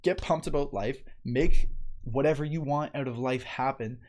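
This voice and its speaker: A man hosts a motivational live show, talking to viewers in a relaxed, chatty way. He reads their comments aloud and responds to them, often checking in with a quick "right?" and light laughter. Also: mid-range voice. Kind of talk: casual live-stream talk, reading viewer comments.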